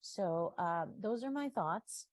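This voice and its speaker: A woman's voice: mid-range voice, expressive, slow, no room sound. A woman giving an earnest, heartfelt public comment at a city council meeting.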